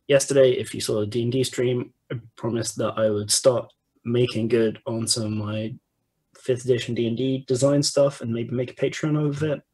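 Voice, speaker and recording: Husky-voiced man, hesitant and casual. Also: mid-range voice, a little mellow, poor audio. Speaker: player. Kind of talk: casual chat.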